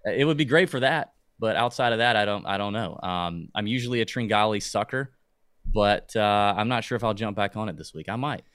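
Low-voiced man, dry close sound. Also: a little fast, fairly bright tone, no echo. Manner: rambling, hesitant, with many restarts. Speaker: podcast co-host. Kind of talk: casual sports chat.

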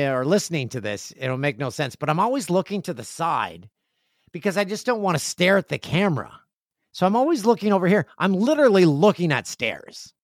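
Chatty man hosting a dry podcast. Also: no room sound. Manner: chatty, jokey, acts out friends in loud high voices. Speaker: podcast host. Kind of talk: casual solo podcast chat. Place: home studio with stairs nearby.

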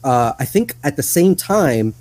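A man's voice: medium pitch, very animated, a little slow, a little mellow, dry recording, poor audio. A man chatting casually as a podcast guest, rambling with lots of fillers and laughs. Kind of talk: casual chat.

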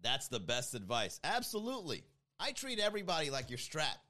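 A man's voice: on the high side, huge pitch swings, fairly quick, bright, forceful tone. A man hosting a casual stream, reading chat comments aloud and riffing on them with a lot of laughter. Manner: laughs often, loose joking banter. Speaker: host reading live chat.

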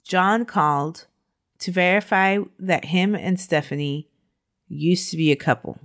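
A woman's voice: on the low side, measured pace. A woman podcast host recounting a true crime case in a conversational way, laughing now and then.

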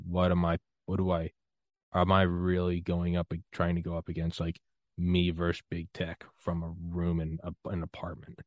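An American podcast host speaks in a low-pitched, monotone voice at a moderate pace during a casual interview, loose and rambling, self-deprecating, often laughing. The recording is dry, with the highs cut off.

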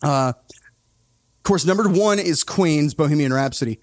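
Man, podcast host, slightly high voice, dry sound, animated, opinionated, self-interrupting. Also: a little slow, no room sound. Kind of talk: casual music podcast chat.

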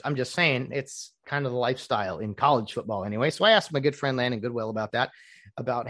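A man's voice: medium pitch, fairly quick, fairly bright tone. A man hosting a casual solo podcast. He is opinionated and rambling, with mocking asides. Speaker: podcast host.

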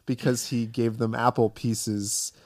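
A man's voice: mid-range voice, flat delivery, measured pace, a little mellow, no echo. A man co-hosting a podcast in casual film discussion, talking loosely with lots of fillers. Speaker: podcast co-host.

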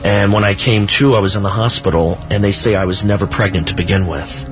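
Radio guest, male, author and researcher, deeper voice, measured storyteller with dry humor, music bed in the background. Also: steady tone. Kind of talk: radio talk show interview.

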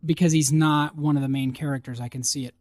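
A man's voice: fairly high pitch, fairly even intonation, quick pace, a little mellow, no room sound, clean studio sound. A man co-hosting a casual podcast chat about movie news, reading out items with lots of fillers. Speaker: podcast co-host.

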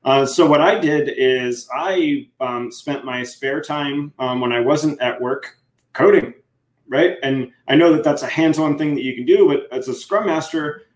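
A man's voice: fairly high pitch, a little slow. Enthusiastic male podcast co-host, roomy echo. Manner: enthusiastic, loose, many fillers and "right?" tags. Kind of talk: casual podcast chat. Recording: echoey room sound.

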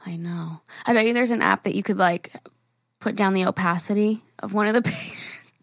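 A woman's voice: mid-range voice, moderate pace, no room sound. Chatty young woman podcast host, dry sound. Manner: chatty storytelling, laughs often, swears casually. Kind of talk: casual chat.

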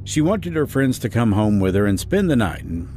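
A man's voice: big pitch swings, normal speed, dark tone, a little hiss or hum. A man hosting a true-crime podcast, narrating in a dramatic storytelling style. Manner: dramatic storytelling with wide swings in pitch. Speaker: podcast host and audiobook narrator.

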